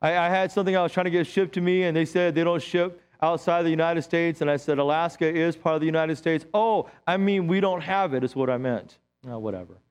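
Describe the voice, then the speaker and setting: A middle-aged man, a pastor, preaching a sermon in a church with lively, joking storytelling. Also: on the high side, a little fast, few pauses, smooth.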